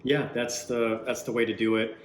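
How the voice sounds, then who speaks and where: A man hosting a casual interview, asking relaxed, friendly questions and laughing easily. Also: mid-range voice, normal speed, roomy sound, soft background music. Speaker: host.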